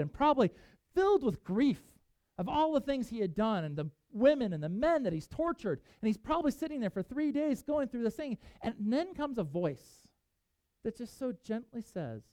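A pastor preaching a sermon, telling a Bible story with animated delivery and reading scripture aloud. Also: mid-range voice, dry recording, rough recording.

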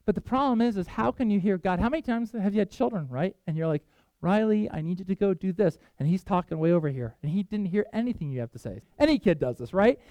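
A male pastor preaching a sermon, telling Bible stories with animated voices for the characters. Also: fast, few pauses, dry recording, lo-fi sound. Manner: animated storytelling, voices Bible figures, pitch jumps for excitement.

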